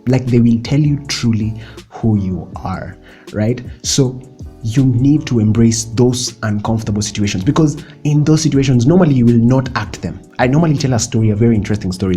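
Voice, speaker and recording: A man's voice: medium pitch, a little fast, warm tone, faint music behind. A young man giving chatty, playful motivational advice in a casual vlog, laughing often and dropping in slang. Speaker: vlogger.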